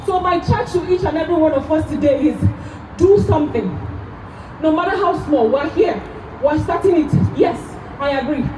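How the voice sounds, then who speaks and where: Over a noisy background, a high, expressive female voice speaks at a moderate pace. She's in her thirties, from Nigeria, and delivering a stirring, emotional outdoor rally speech where she repeats her key phrases.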